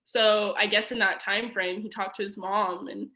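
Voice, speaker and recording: A woman's voice: mid-range voice, little pitch movement, moderate pace, sharp tone. A young woman telling a personal story as a podcast guest, chatty and casual, full of "like" and fillers. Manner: chatty, filler-heavy with frequent "like" and laughs.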